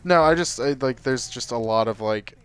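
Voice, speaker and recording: A man's voice: mid-range voice, normal speed, smooth. A man, a gaming YouTuber, chatting casually while playing, rambling and swearing freely. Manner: rambling, sweary, restarts often. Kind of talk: casual let's-play chat.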